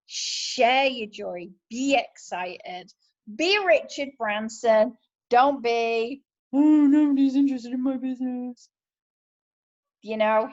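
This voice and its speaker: A woman's voice: fairly high pitch, a little mellow, muffled recording. A woman with a British accent giving an enthusiastic, chatty motivational talk as a sales team leader. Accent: British English.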